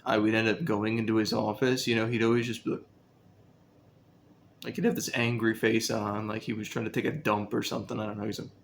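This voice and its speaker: A man's voice: on the low side, flat delivery, brisk, vocal fry, slight background noise. A young man casually telling a story about his school days, rambling and profane, with lots of fillers.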